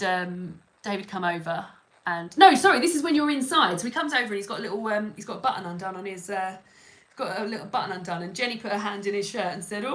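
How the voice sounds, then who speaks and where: A woman's voice: mid-range voice, a bit bright. Chatty young woman rambling. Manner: rambling, chatty, many fillers and restarts. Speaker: livestream host. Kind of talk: casual storytelling to a live audience.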